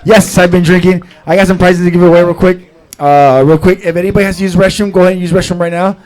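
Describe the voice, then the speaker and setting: Tipsy high-voiced open-mic host. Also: male voice, fairly even intonation, fast talker. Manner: loose, rambling, shouts to the crowd. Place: comedy club stage before a live audience.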